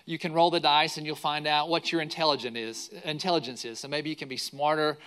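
Pastor, male, middle-aged, bright tone, lively sermon storytelling. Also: on the high side, fairly quick, smooth. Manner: animated storyteller acting out quotes.

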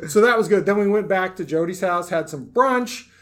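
A man's voice: sits high, animated, moderate pace. A man telling a weekend story in a casual, jokey chat. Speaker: co-host.

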